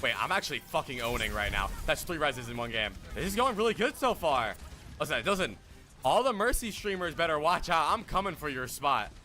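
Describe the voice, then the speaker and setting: A man streaming a game, talking casually and excitedly to his chat, joking and swearing as he plays. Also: fairly high pitch, a little fast, faint music behind. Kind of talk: casual gaming livestream chat.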